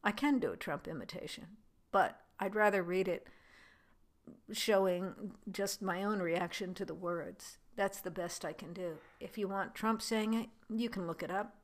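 A woman's voice: mid-range voice, a little slow. A woman giving casual spoken commentary, rambling and hesitant with many fillers and restarts, wry and dry-humored. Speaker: commentator reading aloud.

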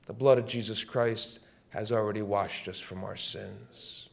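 A man's voice: on the low side, fairly even intonation, moderate pace, gravelly. Impassioned male pastor preaching. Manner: impassioned preaching, repeating lines, swinging between loud peaks and hushed passages. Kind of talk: sermon.

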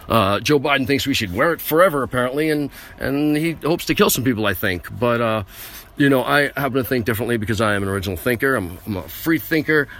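Broadcasting his podcast from a small vehicle turned mobile studio, this American host goes on a rambling comic rant. His mid-range voice is a bit bright, and he comes across as brash, boastful and full of himself.

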